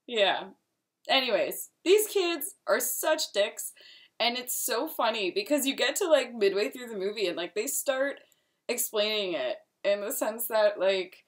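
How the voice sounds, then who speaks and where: A woman's voice: on the high side, animated, normal speed. A woman talking casually as a horror movie reviewer, filling her speech with "like" and swearing bluntly. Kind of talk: casual chat.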